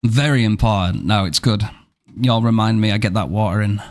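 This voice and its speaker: A man's voice: fairly low pitch, brisk. A man live-streaming a game, chatting casually and playfully, joking and thanking viewers by name, with casual swearing.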